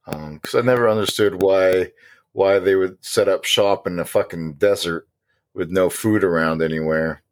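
A man's voice: deep voice, normal speed, dry recording. A man co-hosting a casual conspiracy podcast, rambling with many ums and restarts. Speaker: podcast co-host.

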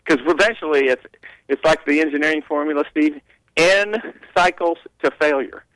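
Man, talk radio regular, opinionated, fairly high pitch, dry mic. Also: moderate pace, a bit bright, no room sound, poor audio. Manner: opinionated, mocking quoted voices, rambling restarts. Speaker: radio show regular guest.

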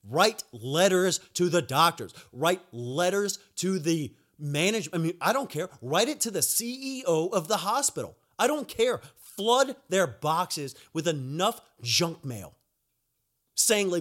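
Still recovering from being sick, a young podcast host launches into a heated, profane rant, repeating himself as he gets angry. His voice is high, sing-song, and fairly bright, and he keeps a measured pace.

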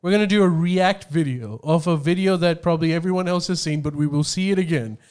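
A man co-hosting a podcast, goofy and quick to apologize in casual banter. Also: fairly high pitch, darkish tone, clean tone. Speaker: podcast co-host.

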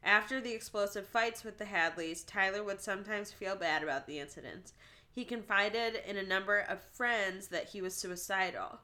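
A bright, clear woman hosting a true-crime podcast in an easygoing, chatty way. She reads from her notes with a steady mid-range voice. She breaks off now and then for a wry aside. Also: mid-range voice, moderate pace. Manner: reads case notes, jokes and laughs between facts. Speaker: podcast co-host.

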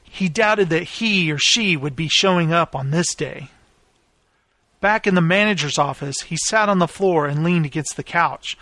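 A man reading his own story aloud as its narrator, in a steady, plain storytelling manner. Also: on the high side, normal speed, no echo. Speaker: author and narrator. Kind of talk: scripted audiobook narration.

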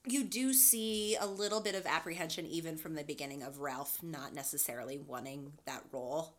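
Lively woman talking books, lowish pitch, jokey. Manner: lively, quick to laugh, jumps into silly voices. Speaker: podcast co-host. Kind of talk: casual book discussion.

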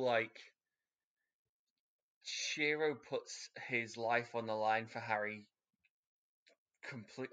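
A man's voice: mid-range voice, muffled recording. A man co-hosting a podcast, chatting about a book with frequent stammered restarts. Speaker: podcast co-host. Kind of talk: casual book discussion.

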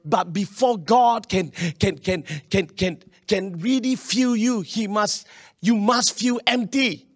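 A man preaching a sermon, animated, with local particles and many restarts. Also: sits high, slow pace. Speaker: pastor.

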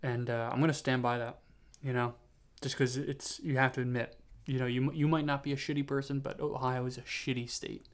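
Yawning and worn out, a young podcast host talks on his own show at a fairly quick pace, his mid-range voice staying level. He drifts from tangent to tangent, self-mocking, stumbling into restarts and filling gaps constantly.

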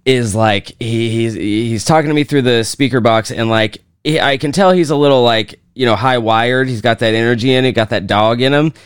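A man's voice: medium pitch, moderate pace, few pauses, clean tone, no echo, studio quality. A man co-hosting a podcast, telling a profane story with lots of energy in casual chat. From Kansas, USA. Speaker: podcast co-host.

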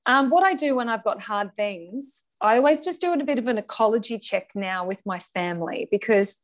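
Animated woman telling her story. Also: fairly high pitch, moderate pace. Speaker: guest, charity founder. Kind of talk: conversational interview.

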